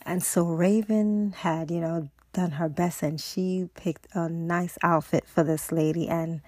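A woman's voice: fairly low pitch, fairly even intonation, a little slow, a little mellow, no room sound. A woman podcast host casually retelling a TV episode, rambling with lots of "and so" and "you know".

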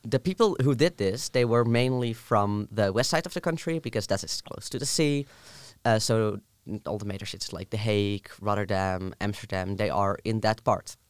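A young man with a southern Dutch accent, talking through an idea in a relaxed chat. His voice sits on the low side and comes across clear and smooth. He pauses often with ums and starts over mid-sentence. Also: no echo. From southern Netherlands. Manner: explains at length with many ums and restarts. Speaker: student. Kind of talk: casual chat.

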